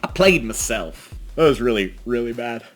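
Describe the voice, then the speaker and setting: At normal speed and medium pitch, with lively intonation, a man gives self-deprecating, casual commentary on a card game. His delivery moves between mutters and outbursts, and faint music is audible.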